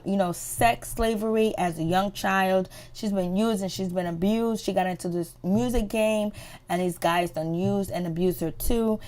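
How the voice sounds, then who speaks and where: A woman giving a casual, chatty recap of a reality show, swearing freely and acting out the people's lines. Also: darkish tone. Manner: chatty, swearing, acts out quotes with rising pitch.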